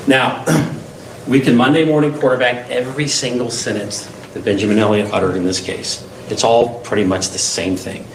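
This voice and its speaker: A man's voice: mid-range voice, fairly even intonation, moderate pace. A male defense attorney giving an opening statement to a jury, emphatic and full of rhetorical questions. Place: courtroom. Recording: echoey courtroom, distant mic, faint hiss.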